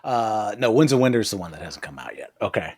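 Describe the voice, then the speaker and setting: A man's voice: fairly low pitch, animated, quick pace, a little mellow, husky, no room sound, clean studio sound. A man co-hosting a podcast, recapping a TV episode in casual chat, swearing and laughing often. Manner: profane, jokey, laughs often. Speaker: podcast co-host.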